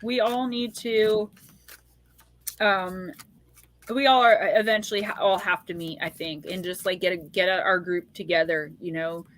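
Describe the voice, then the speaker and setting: A woman in her forties hosting a casual live psychic stream, chatty and quick to laugh as she talks straight to her viewers. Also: on the low side, steady tone, fairly bright tone. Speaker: psychic livestream host.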